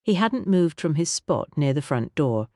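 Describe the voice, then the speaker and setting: A woman narrating a mystery audiobook in an expressive storytelling manner, recorded on a close studio mic. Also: low-pitched, moderate pace, no room sound.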